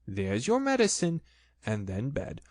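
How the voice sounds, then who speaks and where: A man's voice: medium pitch, wildly swooping pitch, a little slow, darkish tone, no room sound, clean studio sound. A man voicing a motherly female kangaroo in a storybook reading, cheerful, soothing and firm.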